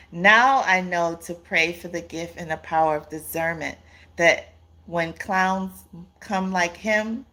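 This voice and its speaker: A woman's voice: lowish voice, bright, forceful tone. A woman hosting a casual live stream, reading viewer comments aloud, laughing often and calling her viewers "y'all" and "honey".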